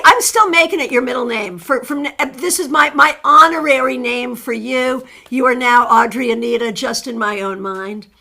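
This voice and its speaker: A middle-aged woman hosting a live tarot stream, chatting warmly as she greets viewers by name and reads their cards. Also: sits high, creaky.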